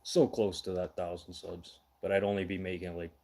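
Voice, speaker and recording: A man's voice: low-pitched, little pitch movement, moderate pace, a little mellow. A middle-aged man from Manitoba, hosting a casual livestream news show, blunt and ranting, swearing now and then. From Manitoba, Canada.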